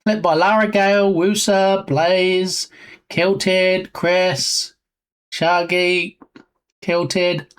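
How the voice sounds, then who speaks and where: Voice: very slow, smooth. Chatty, joking live-stream host. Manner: chatty and joking, reading viewer names aloud; lively swings in pitch. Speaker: livestream host. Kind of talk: casual live-stream chat.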